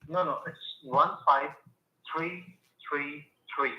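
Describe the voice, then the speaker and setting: A man's voice: fairly high pitch, steady tone, slow, roomy sound. A man on a phone call, giving insistent, repetitive instructions. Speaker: scam caller.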